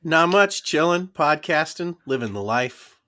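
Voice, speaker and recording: A man's voice: on the high side, animated, a little slow, sharp tone. A man who is a voice actor and a podcast guest, telling playful anecdotes and hesitating with fillers while he thinks. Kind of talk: casual podcast chat and anecdotes.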